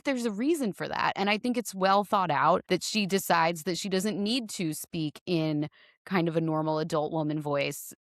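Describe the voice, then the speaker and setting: A woman's voice: on the low side, normal speed, no room sound, studio quality. A woman co-hosting a podcast in a candid, chatty conversational style. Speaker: podcast co-host. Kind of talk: casual chat.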